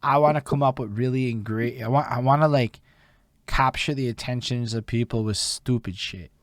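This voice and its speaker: A young man with a Canadian accent hosting a casual interview, talking excitedly, swearing often and packing his talk with "like". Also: medium pitch, normal speed, dry recording, clean studio sound. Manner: excitable, swears a lot, heavy use of "like". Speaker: interview host. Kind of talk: casual chat.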